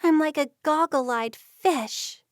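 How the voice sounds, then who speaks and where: A woman's voice: high-pitched, takes it slowly, no room sound, clean studio sound, pitched above the performer's own voice. A woman voicing a reserved, stubborn young Amish woman in a storybook reading, speaking plainly. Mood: defensive.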